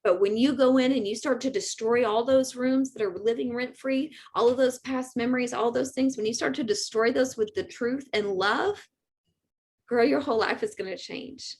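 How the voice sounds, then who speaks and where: A woman with a fairly high voice hosts a live motivational talk as a spiritual medium. She is earnest and animated and speaks straight to her viewers. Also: normal speed.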